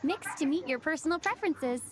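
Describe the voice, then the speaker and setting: A cheerful cocktail server. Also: female voice, high-pitched, lively intonation, brisk, a crowd in the background. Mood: presenting. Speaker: game character. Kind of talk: video game voice acting.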